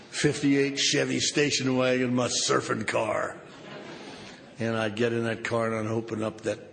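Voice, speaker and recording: An older man speaking at a recovery conference, telling a wry story that swings from loud outbursts to hushed asides. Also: mid-range voice, gravelly. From Southern California. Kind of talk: recovery meeting talk with humor. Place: large conference hall. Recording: reverberant hall, noisy live recording.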